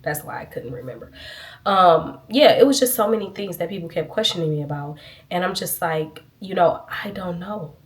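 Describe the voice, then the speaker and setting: A woman's voice: fairly low pitch, lively intonation, moderate pace. A woman giving a casual, earnest faith testimony to her viewers, sniffling a little as she talks. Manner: earnest, chatty, addresses viewers as y'all. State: sniffling, itchy nose. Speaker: vlogger.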